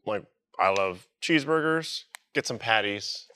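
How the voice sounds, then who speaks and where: A man's voice: fairly low pitch, measured pace, a little hiss or hum. A man on a podcast panel, talking in casual chat and acting out the voices in his anecdotes. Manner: expressive, acts out voices in anecdotes.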